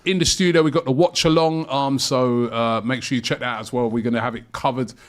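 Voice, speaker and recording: A man's voice: mid-range voice, steady tone, fairly quick. Chatty male football show host. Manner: chatty, rambling, lots of fillers. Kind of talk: casual football chat.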